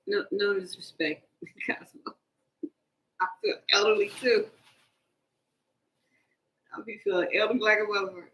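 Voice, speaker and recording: Tarot-reader woman, high pitch, playful and jokey, echoey room. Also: a little slow, long pauses. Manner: animated, joking, laughs often. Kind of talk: casual live tarot reading and chat.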